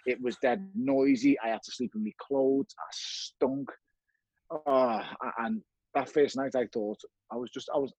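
A man's voice: mid-range voice, gravelly, a little mellow, breathy edge, no room sound, muffled recording. A man, a former boxer, telling his story as a guest with blunt, frequent swearing and acted-out dialogue. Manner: blunt, swears often, acts out remembered dialogue. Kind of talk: candid conversational storytelling.

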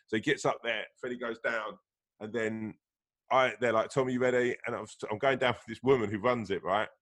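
A man telling stories in casual chat, sweary and animated. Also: mid-range voice, a little fast.

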